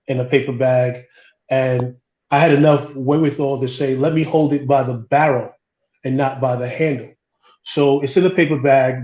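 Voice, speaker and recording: A man, a podcast co-host, tells a personal story in a group discussion, halting and repeating words as he goes. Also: mid-range voice, a little mellow, reverberant, lo-fi sound.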